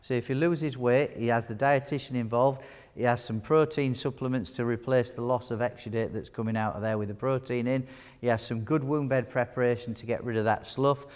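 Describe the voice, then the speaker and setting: In a big hall full of listeners, a man who presents on wound care delivers a live teaching talk, chatting, joking and quizzing his audience. His mid-range voice is smooth and a little mellow, with fairly even intonation and a fairly quick pace. Long hall reverb colors the recording.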